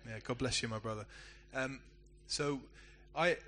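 Pastor, male, middle-aged; bright forward voice; chatty story-led preaching. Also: medium pitch, a little slow, slight background noise. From England. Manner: conversational, self-deprecating storytelling. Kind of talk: sermon.

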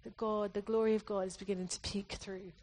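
A woman's voice: mid-range voice, flat delivery, fairly quick, darkish tone. A woman preacher from England giving an earnest sermon, often restarting her phrases as she exhorts the congregation.

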